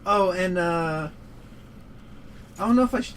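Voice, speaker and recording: A man's voice: high-pitched, unhurried, fairly bright tone, a little hiss or hum, rough recording. A man giving casual gaming commentary, rambling and swearing as he rants about a movie. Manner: rambling, profane, prone to heated rants. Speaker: gaming show co-host.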